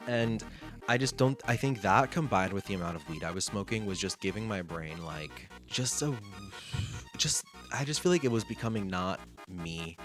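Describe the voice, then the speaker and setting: Chatty low-voiced man over guitar music. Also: normal speed. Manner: chatty, animated, reenacts conversations; slangy and sassy. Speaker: vlogger. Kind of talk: casual storytelling monologue. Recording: music playing underneath.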